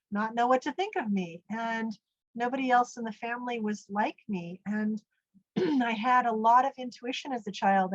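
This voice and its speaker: A woman's voice: on the high side, no room sound, muffled recording. A woman from the United States telling her own story as an interview guest, earnest and rambling with many asides. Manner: earnest, rambling, full of "you know" and "literally". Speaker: guest recounting a near-death experience. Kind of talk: conversational storytelling.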